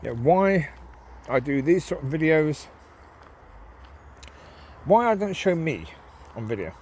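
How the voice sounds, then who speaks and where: Walking his dogs in the woods, a man delivers a rambling, casual monologue in a nasal voice that's fairly high, animated, slow, and a little mellow. He says um often and calls out to the dogs; slight background noise is audible.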